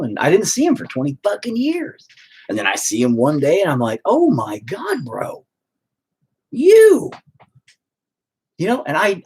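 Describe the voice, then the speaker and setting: A man in his late thirties rants to his viewers, blunt and heavily profane. His voice is husky, with a lively pitch that swings up and down as he talks. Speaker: streamer painting on stream. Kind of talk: casual rant.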